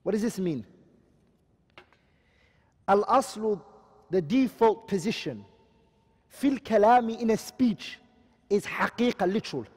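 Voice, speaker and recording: A man's voice: high voice, expressive, measured pace, pauses often, darkish tone, slightly rough, big-room sound. A man teaching a class, explaining terms and asking his students questions as he goes. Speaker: Islamic studies teacher. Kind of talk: classroom lecture.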